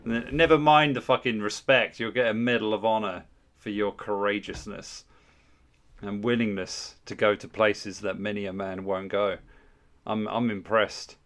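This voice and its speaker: Streamer, low voice, sweary teasing banter, desk mic. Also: male voice, steady tone, normal speed, a bit bright. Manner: crude, swearing, mock-outraged banter with chat. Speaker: livestream host. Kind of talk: casual livestream banter.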